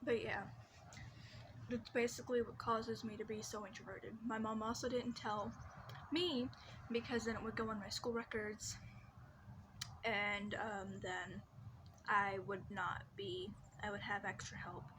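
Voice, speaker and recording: A woman's voice: medium pitch, little pitch movement, unhurried, pauses often, noisy background. A young woman in her teens telling personal stories in a casual vlog from her bedroom, rambling with many restarts and fillers. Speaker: vlogger.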